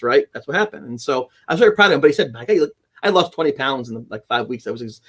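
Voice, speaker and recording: A middle-aged man telling a personal story as a podcast guest, animated and acting out dialogue, often restarting his sentences. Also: mid-range voice, rapid-fire. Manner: animated storyteller who acts out quoted dialogue, with frequent restarts.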